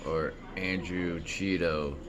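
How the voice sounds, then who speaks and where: A man's voice: deep voice, steady tone, slow pace, crowd noise. A man leaving a rambling listener message for a podcast.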